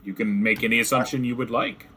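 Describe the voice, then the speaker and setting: A man's voice: mid-range voice, fast talker, slight background noise. A man narrating a tabletop game as game master, casual and chatty, over voice chat. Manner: casual, chatty, acts out goblin shouts.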